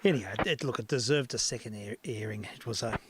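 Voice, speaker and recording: A man hosting a casual radio stream, chatty and quick to laugh as he introduces old records. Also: mid-range voice, fairly bright tone, a little hiss or hum. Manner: chatty, laughs easily, hesitant with fillers.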